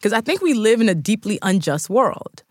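A woman from Nigeria, an author, telling lively stories in an interview and acting out what others said. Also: mid-range voice, moderate pace, no echo, clean studio sound. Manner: lively storyteller, acts out quoted voices.

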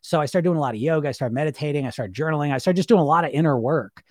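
A man's voice: fairly high pitch, racing, a little mellow, no room sound, clean studio sound. A man hosting a weight loss podcast, talking casually in a frank, rambling, blunt way with lots of filler words. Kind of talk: casual motivational talk.

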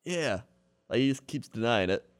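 A man's voice: mid-range voice, lively intonation, moderate pace, no echo. A man casually retelling a movie plot, filling his talk with "like" and quoted dialogue. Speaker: co-host recapping a movie. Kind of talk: casual chat.

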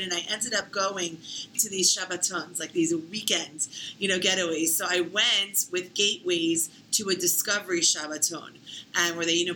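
A woman, telling her story as an interview guest in a lively, talkative way full of "like" and "you know". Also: on the low side, slight background noise, rough recording. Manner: talkative, animated, many fillers like "you know" and "like".

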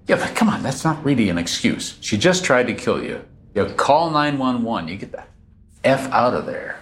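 Man, interviewer, blunt challenging questions, lively intonation, middle pitch. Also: normal speed. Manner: skeptical, pushes back hard.

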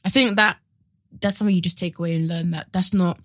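A woman, co-hosting a casual podcast and telling stories with lively acted-out voices. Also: fast, no room sound, clean studio sound. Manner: animated storytelling, acts out quoted voices with big pitch jumps. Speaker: podcast co-host. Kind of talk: casual chat.

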